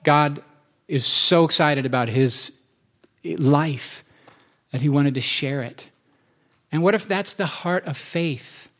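A man's voice: on the high side, takes it slowly, long pauses, fairly bright tone. A man preaching a sermon in a church, enthusiastic and conversational, often restarting his sentences.

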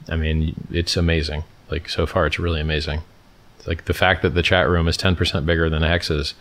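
A man's voice: sits low, fairly bright tone. A middle-aged man hosting a livestream, reading out and answering chat questions in a blunt, offhand, casual way. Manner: blunt, offhand, lots of "like" and "dude".

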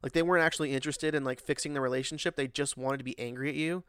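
A man's voice: medium pitch, fairly even intonation, racing, fairly bright tone, clean tone, dry recording, clean studio sound. A man ranting in a casual monologue, profane and rambling, with lots of fillers and an exasperated tone. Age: adult, working.

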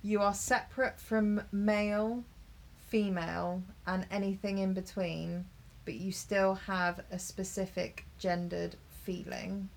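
A woman's voice: medium pitch, fairly even intonation, slow pace, vocal fry, slight background noise. A woman co-hosting a casual podcast chat, working through a list of terms in a chatty way and laughing easily. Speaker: podcast co-host.

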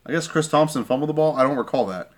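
A man with a slightly high, animated voice delivers a quick, heated sports-fan rant. Irate, he repeats his points and keeps asking "okay?" over and over.

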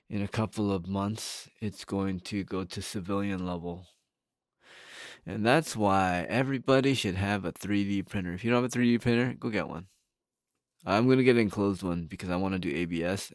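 A man's voice: low voice, no room sound, clean studio sound. A young man hosting a solo podcast, rambling bluntly in casual talk and swearing freely. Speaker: podcast host.

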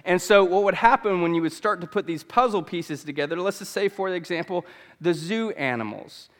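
A man's voice: high-pitched, lively intonation, a little fast, long reverb tail. A pastor in his thirties preaching a sermon in a church, earnest and fond of repeating key phrases for emphasis. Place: church sanctuary.

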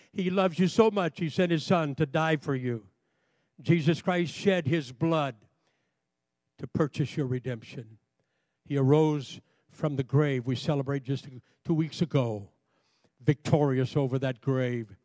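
A man's voice: fairly high pitch, a little mellow, dry recording. A man preaching a sermon as pastor, fervent, leading his congregation in call and response before an altar call. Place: church sanctuary, also streamed online.

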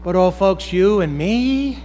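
High-voiced man preaching with rising emphasis. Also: animated, slow pace, mellow, rough recording. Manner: rhetorical questions to the congregation, rising to emphatic exclamations. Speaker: pastor. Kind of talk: sermon.

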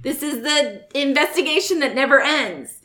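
A woman's voice: sits high, moderate pace, bright, forceful tone. A woman co-hosting a podcast, reading out news quotes with joking asides and the odd swear word. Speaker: podcast co-host. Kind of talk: casual news recap chat.

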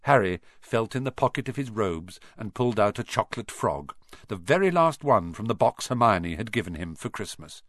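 Expressive male audiobook narrator. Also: fairly low pitch, moderate pace, no echo, studio quality. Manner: lively, expressive reading. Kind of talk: scripted narration.

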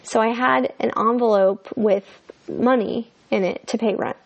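Young woman podcaster rambling thru a story, kinda high, super fry-heavy, swears a lot. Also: fairly even intonation, unhurried, highs cut off. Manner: chatty and candid, many fillers, swears freely. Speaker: podcast host. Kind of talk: casual storytelling monologue.

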